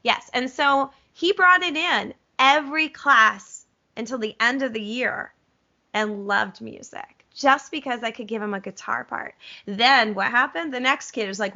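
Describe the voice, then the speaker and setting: A middle-aged woman music teacher walks a webinar audience through a curriculum with animated, gushing enthusiasm and self-aware asides. Her voice sits a touch high and sounds very bright and forceful. The audio is a little dull and lo-fi, like a computer mic on a video call. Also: moderate pace.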